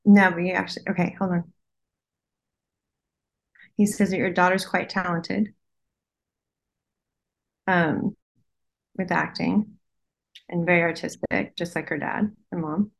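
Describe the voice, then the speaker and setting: A woman passes on messages as a medium in a relaxed conversation. She speaks in her everyday voice, hesitant, often breaking off mid-thought to listen before going on. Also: lowish voice, measured pace, creaky, pauses often. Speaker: psychic medium. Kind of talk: casual conversation.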